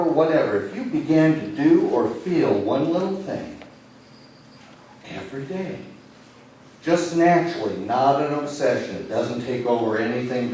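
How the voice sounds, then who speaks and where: A man from Nebraska working as a stage hypnotist in a comedy show, giving slow, soothing suggestions that sink soft and low when he tells people to relax. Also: a little hiss or hum. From Lincoln, Nebraska. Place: indoor city hall room. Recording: echoey hall, voice from far off.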